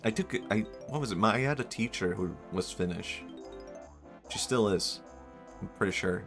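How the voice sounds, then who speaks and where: A man's voice: fairly low pitch, moderate pace, a bit bright, soft background music. Man chatting on a live stream. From Sweden. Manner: rambling, self-amused, reacts to chat. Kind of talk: casual live-stream chat.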